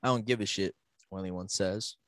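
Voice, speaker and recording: A man's voice: low-pitched, a little fast, fairly bright tone, no echo. A young man co-hosting a podcast, telling stories in a casual, profane way and acting out the voices of people in them. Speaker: podcast co-host. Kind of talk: casual storytelling.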